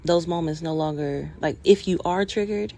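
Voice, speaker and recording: A woman hosting a reflective talk on healing, speaking earnestly and passionately, sometimes dropping to a hush. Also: low voice, moderate pace. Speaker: host of a personal growth talk.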